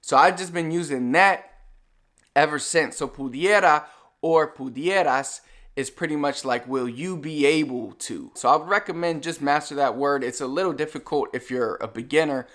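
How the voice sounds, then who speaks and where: Relaxed man teaching phrases, slightly high voice. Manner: relaxed and conversational, slows down to model Spanish phrases. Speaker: Spanish teacher. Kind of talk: casual video lesson.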